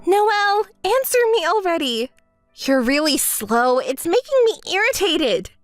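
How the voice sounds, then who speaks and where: A spoiled, entitled young woman, as a woman puts her on in a dramatized texting story, with a high, shrill voice that swings wildly up and down. Her whiny, demanding tone reads as close and dry, with faint music underneath. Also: very animated, unhurried, dry recording, exaggerated voice. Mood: whiny frantic. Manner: whiny, shrill, throws tantrums.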